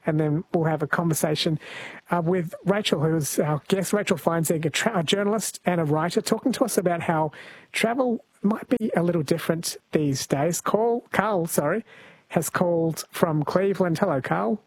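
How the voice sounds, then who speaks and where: A male talk radio host from Australia, introducing callers and a guest in a brisk, conversational way. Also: on the high side, breathy edge, no room sound.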